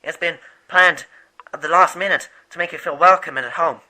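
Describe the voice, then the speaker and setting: A man playing an earnest, rambling rebel leader in a homemade animated movie, with a higher-than-usual voice that sounds very bright and sharp. He tumbles through long explanations and trips over his words. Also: brisk, rough recording. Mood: urgent. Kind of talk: amateur animated movie voice acting.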